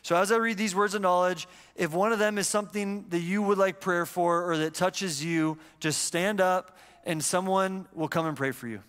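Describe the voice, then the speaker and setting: Man, pastor, conversational storytelling sermon, young adult, high-pitched, echoing church hall. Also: moderate pace, hardly any pauses, a bit bright, clean tone.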